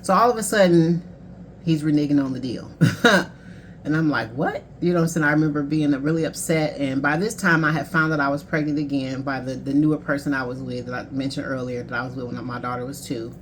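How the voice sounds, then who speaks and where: A woman in her thirties, a life coach, talks openly and emotionally about something painful that happened to her, keeping it casual and quoting others. She has a low voice and talks a little fast, with a bit of background noise.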